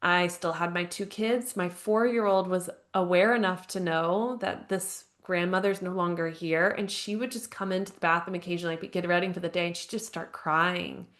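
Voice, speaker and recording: Her voice is fairly low yet fairly bright, steady, at normal speed with few pauses. This American woman in her thirties, a grief counselor living abroad, guests on a podcast from home and shares her story earnestly, often saying "like" and laughing softly.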